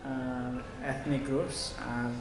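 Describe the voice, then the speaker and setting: A man with a Nepali accent giving a measured lecture, with frequent fillers. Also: medium pitch, little pitch movement. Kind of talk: lecture on language policy. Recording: echoey room with clear noise.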